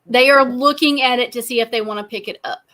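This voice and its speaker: A woman hosting a casual podcast chat, talking fast and laughing often. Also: a little high, pushed and bright. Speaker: podcast host.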